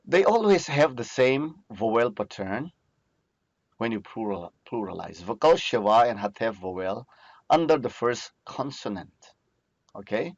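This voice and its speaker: Male lecturer, unhurried, repetitive, dry muffled recording. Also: medium pitch, very animated, dry recording. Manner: repetitive, checks in with "okay?". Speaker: teacher.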